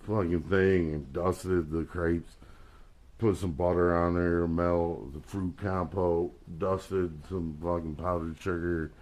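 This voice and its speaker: A man's voice: low-pitched, darkish tone. A drunk man rambling crudely in casual chat on a livestream, swearing often.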